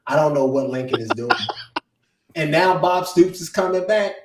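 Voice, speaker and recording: A man ranting as an upset sports fan co-host, swinging from hushed hurt to loud outbursts. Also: a little high, moderate pace, reverberant, distant mic, noisy background. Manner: animated venting, swings from hushed to yelling. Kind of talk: emotional sports fan rant.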